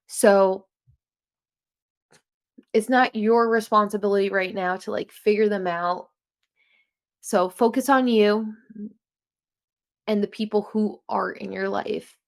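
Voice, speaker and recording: A woman's voice: mid-range voice, steady tone, slow, vocal fry, long pauses. A young woman with a New Jersey accent, hosting a casual self-help podcast in a rambling, chatty way that often corrects itself. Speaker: podcast host.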